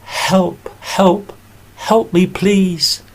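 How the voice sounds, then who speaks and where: A man voicing a small trapped bee that cries out for help in a high, pleading voice in a told story. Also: fairly even intonation, drawn-out words, exaggerated voice. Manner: high crying calls.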